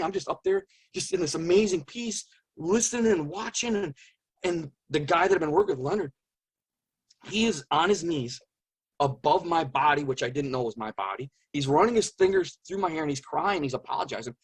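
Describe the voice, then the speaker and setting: Male interview guest, husky and a bit high, earnest, halting testimony. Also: animated. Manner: earnest, halting, searching for words. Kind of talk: personal testimony in conversation.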